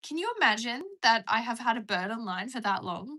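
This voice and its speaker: Bright-voiced rural Australian woman livestreaming. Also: fairly high pitch, expressive, a little fast. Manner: chatty, rambling, drops to whispers. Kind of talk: casual live-stream chat reading comments.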